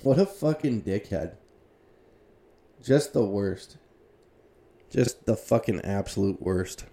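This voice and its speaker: A man's voice: fairly low pitch, lively intonation, slow pace, dark tone. A man in his thirties ranting comedically, exasperated and swearing heavily. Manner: profane, exasperated, heavy swearing. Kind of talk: comedic rant.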